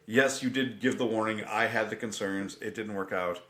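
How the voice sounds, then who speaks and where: A middle-aged man co-hosting a podcast, chatting casually and reflectively, getting animated when he recounts film scenes. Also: fairly low pitch, normal speed. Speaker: podcast co-host. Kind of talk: casual chat. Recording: roomy echo.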